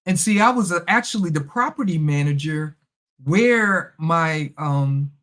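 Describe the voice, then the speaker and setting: Middle-aged woman, podcast host, casual storytelling, animated, acts out conversations. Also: low voice, a little slow.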